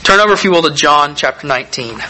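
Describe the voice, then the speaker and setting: A man preaching a sermon, reading scripture aloud and explaining it in a measured, deliberate way with emphatic pauses. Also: fairly high pitch, lively intonation, bright, forceful tone, a little hiss or hum, low-quality recording.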